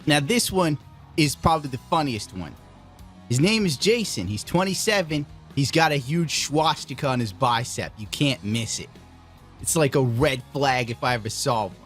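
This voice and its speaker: A man's voice: mid-range voice, animated, normal speed, faint music behind. A man giving casual reaction commentary, laughing in disbelief and reading messages aloud in mocking put-on voices. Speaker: streamer reacting to dating-app messages.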